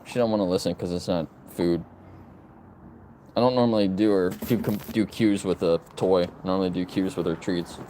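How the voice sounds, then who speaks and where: Low-voiced man chatting outdoors with dogs. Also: moderate pace, noisy background. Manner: relaxed, rambling, gives dogs commands in a raised sing-song voice. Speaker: vlogger and dog owner. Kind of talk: casual chat to camera. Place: outdoors in a yard with his dogs.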